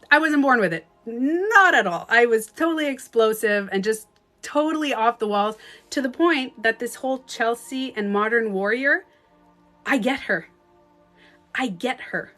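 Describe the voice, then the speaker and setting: A Canadian woman coaching in a casual livestream talk, swinging into sudden loud outbursts. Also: a little high. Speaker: life coach. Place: at home, streaming live. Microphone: phone.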